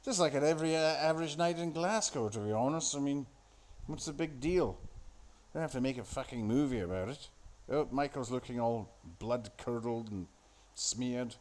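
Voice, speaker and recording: A man's voice: medium pitch, moderate pace, a little mellow. A man giving casual, rambling commentary on a film he is watching, sardonic and full of swearing. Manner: sardonic, crude, profane, off-the-cuff.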